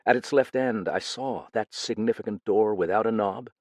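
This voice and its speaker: Man, audiobook narrator, steady measured reading, low voice, dry close sound. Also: dry recording. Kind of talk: scripted narration.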